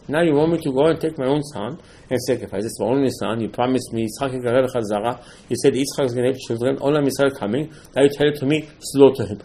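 In a low-quality recording, a male rabbi talks fast in a mid-range voice. He delivers a passionate Torah lecture in ungrammatical English, performing the dialogue with lively animation.

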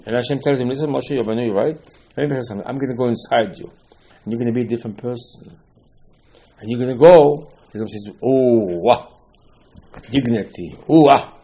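A man's voice: medium pitch, fast, mellow. A man delivers a Torah class as a dramatic sermon, with a mid-range voice. He retells the stories with conversational gusto, acting out the characters' lines. His delivery swings from soaring exclamations to near-whispered asides. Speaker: rabbi giving a Torah class. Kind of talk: animated Torah sermon with storytelling.

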